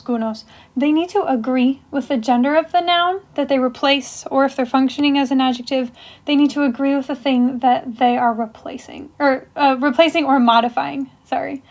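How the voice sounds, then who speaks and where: A woman's voice: high voice, a little mellow. A young woman teaching a casual grammar lesson, explaining step by step with example sentences and frequent ums. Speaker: language teacher. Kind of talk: casual classroom lecture.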